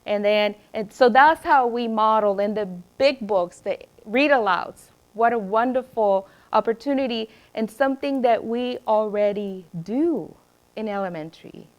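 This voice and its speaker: Brief: woman in a teacher workshop, fairly high voice, animated storyteller. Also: measured pace, muffled recording. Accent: Spanish. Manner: animated storyteller, acts out quotes. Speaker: former principal, literacy presenter. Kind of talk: professional development talk.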